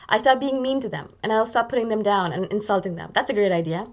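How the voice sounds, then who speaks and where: A woman's voice: medium pitch, quick pace. A woman hosting her own video channel, talking casually and self-mockingly to the camera and acting out little quoted asides. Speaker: YouTube channel host.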